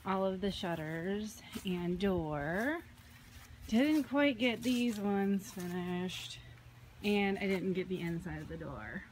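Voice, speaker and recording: Woman vlogger, chatty family-channel mom, rambling storytelling with ums, faint hiss behind. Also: medium pitch. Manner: chatty storytelling with many fillers. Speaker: vlogger, mother. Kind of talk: casual family vlog chat. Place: home, partly outdoors in a yard.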